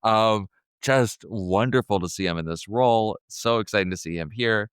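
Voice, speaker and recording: A man co-hosting a podcast, chatting casually and excitably about a film, with laughs and trailing restarts. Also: fairly low pitch, moderate pace, clean tone, no room sound, clean studio sound. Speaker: podcast co-host.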